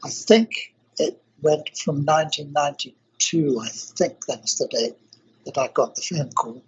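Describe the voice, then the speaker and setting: An older man from South Africa, interviewed in a university lab, explaining technical ideas step by step in a measured way. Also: on the high side, husky, lo-fi sound. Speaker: interviewee, engineering professor.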